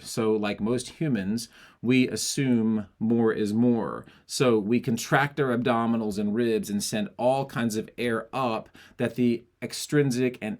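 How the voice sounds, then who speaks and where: A man's voice: lowish voice, a little mellow. A male voice teacher explaining how breath affects the larynx, breaking into short sung and spoken demonstrations. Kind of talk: singing lesson.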